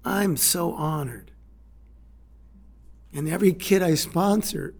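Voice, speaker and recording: A man in his sixties sharing a heartfelt personal story in a halting way, with repeated words and restarts. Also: mid-range voice, darkish tone. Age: 60s. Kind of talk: personal testimony talk.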